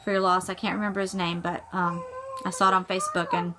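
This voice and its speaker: A woman's voice: lowish voice, little pitch movement, fast talker, noisy background. A middle-aged woman, chatting casually on her cross-stitch vlog and often rambling and correcting herself. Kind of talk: casual chat.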